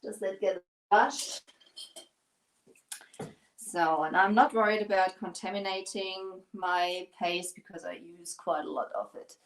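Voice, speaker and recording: A woman with a German accent talks her viewers through a live craft project. Her pitch sits mid-range, and she chats loosely and warmly, pokes fun at herself and keeps going as she works. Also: steady tone, unhurried, long pauses, low-quality recording. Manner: chatty, rambling, self-deprecating. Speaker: craft stream host.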